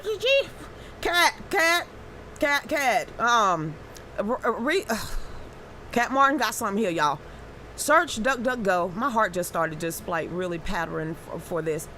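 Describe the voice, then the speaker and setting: A woman's voice: mid-range voice, animated, normal speed, sharp tone, a little hiss or hum. A woman hosting a casual live stream, reacting to viewer comments with stammering restarts and sudden exclamations.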